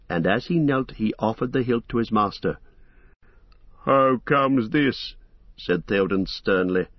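Husky guy reading an audiobook, steady and measured, dull dry lo-fi sound. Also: on the low side, dry recording. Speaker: narrator. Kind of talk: audiobook narration.

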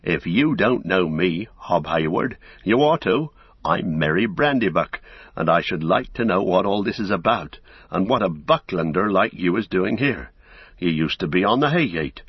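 A man's voice: sits low, lively intonation, normal speed, breathy edge, dry recording, highs cut off, full character voice. A man voicing a bold young male hobbit in an audiobook, firm and impatient.

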